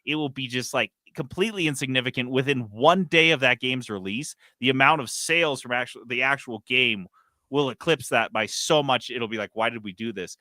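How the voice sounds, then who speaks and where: Bright-voiced ranting podcast host. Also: male voice, medium pitch, fairly quick, no echo, clean studio sound. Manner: animated, swearing, ranting. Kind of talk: casual gaming news chat.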